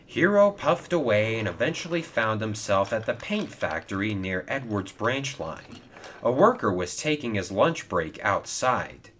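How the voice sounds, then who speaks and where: A man giving scripted, animated narration of a toy train story. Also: lowish voice, unhurried.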